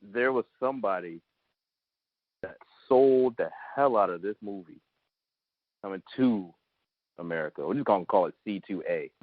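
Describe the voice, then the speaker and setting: Man, very low voice, blunt, halting, dry phone-like sound. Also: dry recording. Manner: blunt, halting, gropes for words. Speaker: podcast co-host. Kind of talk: casual chat.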